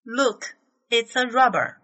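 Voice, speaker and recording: A woman reading numbered items from an English listening test, each phrase slow, carefully spaced and evenly paced. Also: a little high, bright, forceful tone, poor audio.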